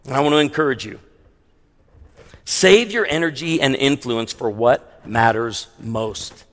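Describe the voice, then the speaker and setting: A man preaching a sermon as pastor, emphatic, slowing down hard on key lines, with wry asides. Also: mid-range voice, a bit bright. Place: large church sanctuary with long reverb. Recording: long hall reverb in a sanctuary.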